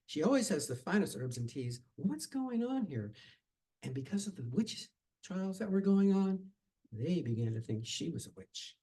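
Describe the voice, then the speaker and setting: Male storyteller telling a tall tale, animated, dramatic, with a lively, rather high voice. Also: poor audio. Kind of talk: told tall tale at a live event.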